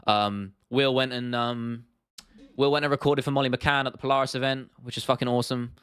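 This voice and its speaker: A man's voice: mid-range voice, fairly even intonation, fairly quick, a bit bright, clear, resonant tone. A young man with a southern English accent, hosting a casual livestream, chatty and laughing often as he answers viewer comments. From southern England. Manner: chatty, laughs often, repeats himself, addresses chat as bro and lad. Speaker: MMA livestream host.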